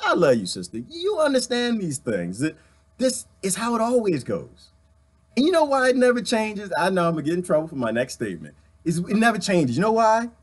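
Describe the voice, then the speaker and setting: A man from the United States hosting a live stream, fired up and preachy as he talks straight to his viewers and reads their comments. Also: high-pitched.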